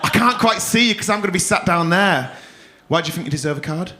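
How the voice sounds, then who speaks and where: A man's voice: high-pitched, expressive, quick pace, pushed and bright. A man compering a live comedy night, teasing the crowd with cheeky, swearing banter. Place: comedy club. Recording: live club room with crowd noise.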